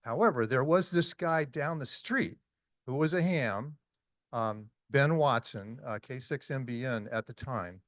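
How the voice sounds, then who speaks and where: Storytelling in a relaxed meeting-hall talk, a man in his sixties speaks a little slowly in a mid-range, fairly bright voice, frequently stopping for ums and uhs. The sound is close and dry, without room echo.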